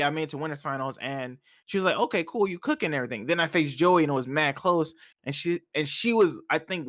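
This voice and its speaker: A young man, a podcast guest telling animated stories and laughing often in casual chat. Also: on the high side, dry recording, clean studio sound. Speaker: podcast guest, fighting game player.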